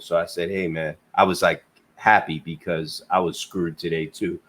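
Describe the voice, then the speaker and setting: A man's voice: deep voice, little pitch movement, normal speed, a bit bright. A man hosting a casual trucking talk show over a video call, blunt and teasing, with plenty of swearing and "uh" fillers. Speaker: podcast host. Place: Queens, New York.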